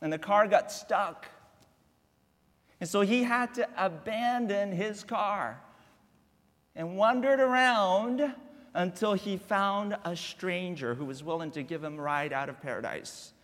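A man preaching a sermon as a guest pastor in a church, telling a family story with drawn-out, deliberate repetitions. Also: high voice, a bit bright, long reverb tail. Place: church sanctuary.

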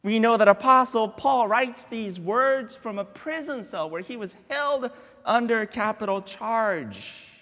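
A man preaching a sermon as a guest pastor in a church, telling a family story with drawn-out, deliberate repetitions. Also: sits high, sharp tone, big-room sound. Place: church sanctuary.

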